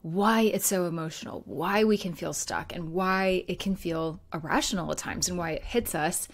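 A woman in her thirties hosts a solo podcast as a grief coach. Her voice sits a little low, and she talks in an easy conversational way with fillers and soft laughs. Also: normal speed. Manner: warm conversational, laughs lightly, many fillers.

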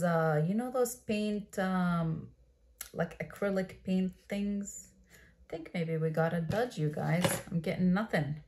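A woman's voice: on the low side, unhurried. A woman vlogging in a bubbly, gushing way, chatting casually as she unboxes products. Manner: bubbly and gushing, with frequent excited exclamations. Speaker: beauty vlogger.

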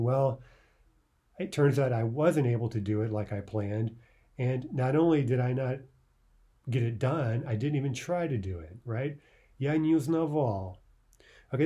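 A man explains a grammar lesson in an easy, conversational way, often checking in with the listener. His voice is very dark and mellow, at a middling pitch. He slows down and reads his example phrases with care. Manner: reads Russian examples slowly and carefully. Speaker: Russian language teacher.

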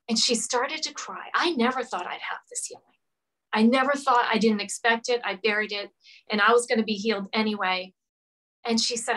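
Woman from rhode island, earnest storyteller, bright tone, slightly high voice. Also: normal speed, poor audio. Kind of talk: emotional personal story in interview.

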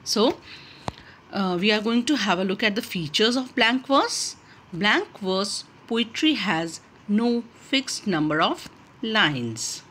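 A woman giving a recorded literature lecture, explaining terms slowly and repeating points with many fillers. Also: mid-range voice, lively intonation, fairly bright tone, a little hiss or hum.

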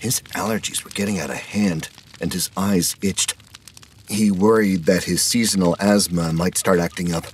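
A man narrating a horror story in a measured, dramatic manner. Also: sits low, steady tone, a little hiss or hum.

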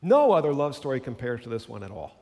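A man's voice: medium pitch, very animated, fast talker, mellow, big-room sound. A male pastor giving a sermon in an earnest, conversational storytelling manner.

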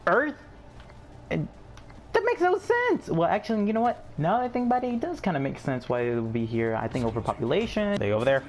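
A young man giving excitable commentary over his own gameplay, yelping, groaning and swearing at the game. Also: fairly high pitch, rapid-fire, hardly any pauses, a little hiss or hum. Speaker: gaming channel host.

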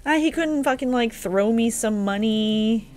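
A woman's voice: on the high side, unhurried, a little mellow, faint music behind. A woman giving let's-play commentary on her own game, talking to herself in a frustrated way with lots of swearing. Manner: exasperated, swears a lot, talks to herself. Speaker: gaming video creator.

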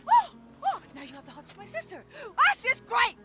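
A woman's voice: very high voice, wildly swooping pitch, a little fast, loud music behind the voice, exaggerated voice. An actress playing a flighty, touchy young woman with a whiny, girlish voice and dramatic outbursts. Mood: sulky. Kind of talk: comedy sketch acting.

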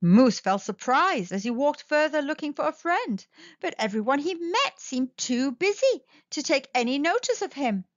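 A woman's voice: high voice, big pitch swings, moderate pace, no echo, muffled recording. A woman host reading a children's storybook aloud in a sing-song storytelling manner.

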